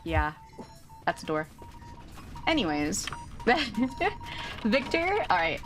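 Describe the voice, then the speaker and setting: A chatty, giggly woman chats through a live game stream, her voice bouncing all over with lively pitch at a middling height. She talks casually and jumps easily at scares. Faint game music plays behind her. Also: drawn-out words. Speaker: VTuber streamer.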